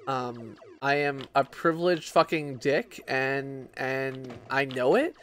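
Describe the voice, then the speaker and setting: A man's voice: medium pitch, lively intonation, slow pace, fairly bright tone, slight background noise. A drunk man streaming games, rambling and swearing in casual chat, with lots of restarts and fillers. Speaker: game streamer.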